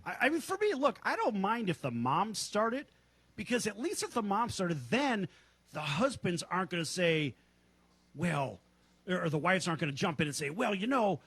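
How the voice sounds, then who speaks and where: Loud joking sports show host guy, high voice that swoops all over, music under him. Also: very animated, a little fast, breathy edge, no echo. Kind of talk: sports talk show banter.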